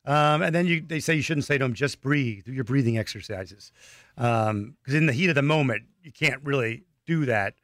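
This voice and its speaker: A man co-hosting a casual podcast chat, laid-back and quick to chuckle. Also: a little high, fairly bright tone, no echo, studio quality. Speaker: podcast host.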